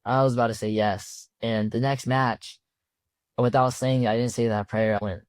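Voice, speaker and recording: A man's voice: medium pitch, steady tone, normal speed, no room sound. A young man, a college wrestler, telling his story in a loose, rambling way with many fillers and restarts. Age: young adult. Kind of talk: casual storytelling.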